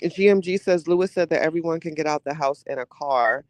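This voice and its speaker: A man's voice: a little high, brisk, hardly any pauses, dry recording. A man hosting a casual live podcast, reading viewer comments aloud and reacting to them with gossipy, slangy asides and frequent laughter. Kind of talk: casual live-stream chat.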